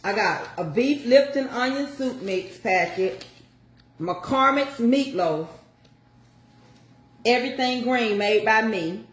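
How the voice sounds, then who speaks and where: A woman's voice: a little high, animated, takes it slowly, pauses often. Older lady talking thru her meatloaf recipe, folksy and chatty, roomy echoey kitchen. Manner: chatty, folksy, talks to viewers. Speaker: home cook showing a recipe. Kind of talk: casual cooking chat.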